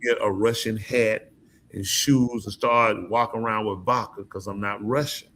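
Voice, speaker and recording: A man's voice: lowish voice, steady tone, normal speed, fairly bright tone. A man hosting a podcast, talking in a casual, emphatic and preachy way, often asking his listeners questions. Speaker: podcast host. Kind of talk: casual opinion talk.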